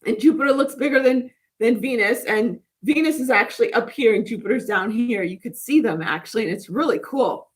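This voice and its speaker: A woman with a fairly high voice, talking in a loose, rambling way on a spiritual livestream. She chats casually with viewers and reacts to their comments as they come in. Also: lively intonation, a little fast, hardly any pauses. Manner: rambling, chatty, reads and answers live comments. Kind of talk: casual live chat with viewers.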